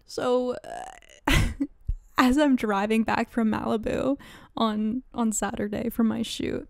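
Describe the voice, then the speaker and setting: A young podcast host in her twenties tells a story in casual chat, laughing often, swearing, saying "like" a lot, and acting out quoted lines in dramatic voices. Her fairly high voice is slow, fairly even in intonation, a little mellow, with vocal fry, in clean studio sound with no room sound.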